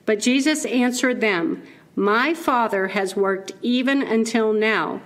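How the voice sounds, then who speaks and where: Playful woman preaching, higher voice. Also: takes it slowly. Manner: playful and animated, laughing at her own asides. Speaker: keynote speaker. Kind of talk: conversational sermon.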